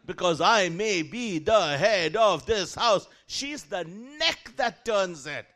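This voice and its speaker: High-voiced man preaching a story. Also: slow. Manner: animated, acts out the voices in his story; calls out to the congregation. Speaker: guest preacher. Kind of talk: sermon storytelling.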